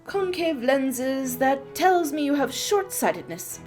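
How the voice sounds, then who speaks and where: A woman's voice: high voice, lively intonation, slow, a little mellow, soft background music, voice pushed up. A woman voicing an eccentric, chatty male army mechanist who rambles to himself in a fussy, self-assured way.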